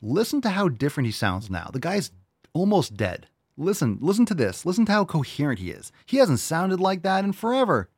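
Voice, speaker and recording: A man's voice: fairly high pitch, sing-song, brisk, slightly rough, no echo, clean studio sound. A male podcast host ranting in a casual, profane, emphatic way. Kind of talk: casual opinion rant.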